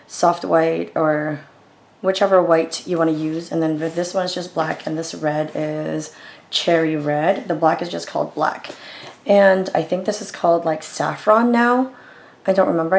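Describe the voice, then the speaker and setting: A woman hosts a relaxed crochet tutorial with a hoarse, gravelly voice that sits a little low. She rambles and corrects herself as she goes. The room around her rings with noticeable echo. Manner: rambling, self-correcting, chatty. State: hoarse, lost voice. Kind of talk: casual tutorial talk. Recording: roomy echo.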